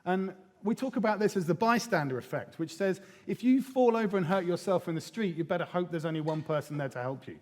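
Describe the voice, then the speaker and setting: A man giving a lively, irreverent conference talk, with casual swearing and small acted quotes. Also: high voice, brisk, few pauses. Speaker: conference speaker. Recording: long hall reverb.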